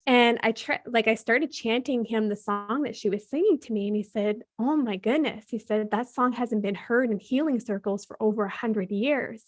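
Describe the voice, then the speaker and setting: A woman's voice: on the high side, normal speed, few pauses. Chatty woman telling a story. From Canada. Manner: chatty, frequent "like" fillers, quotes her own and others' words. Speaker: podcast guest. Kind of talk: personal storytelling in an interview.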